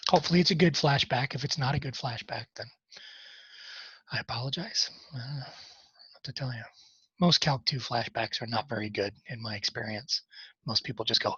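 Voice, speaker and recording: At a fairly quick pace, a man with a mid-range voice that is bright, forceful, and breathy-edged teaches a college math class in a recorded lecture. He talks through problems casually, with self-deprecating, wry asides. There's no room sound, and the highs are cut off.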